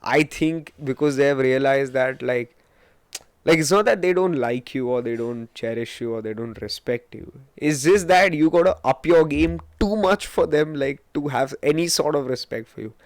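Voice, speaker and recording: A man in his twenties with an Indian English accent hosts his own podcast, rambling through stories with plenty of swearing and a self-mocking streak. His voice sits at a middle pitch. The recording is dry and close, with no room sound. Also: moderate pace, no echo. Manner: rambling, profane, self-mocking storytelling with Hindi asides. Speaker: podcast host. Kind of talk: casual solo podcast monologue.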